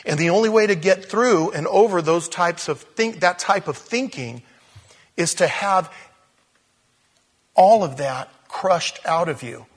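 A man's voice: high voice, a little slow, breathy edge. A man preaching a conversational sermon, telling the story informally with asides and acting out the quotes.

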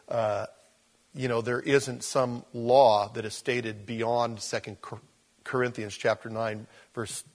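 A male pastor giving a conversational Bible teaching, folksy and rambling, often correcting himself as he goes. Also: mid-range voice.

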